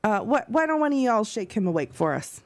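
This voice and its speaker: A woman's voice: a little high, big pitch swings, brisk. A woman voicing a wary male town guard in a tabletop game, giving blunt orders.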